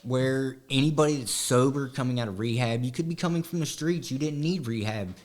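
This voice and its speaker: A man's voice: medium pitch, brisk, darkish tone. A man from southwest Ohio with a slight country drawl, chatting easily as a podcast guest with lots of fillers. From Southwest Ohio, USA. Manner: easygoing, conversational, many fillers. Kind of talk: casual podcast interview.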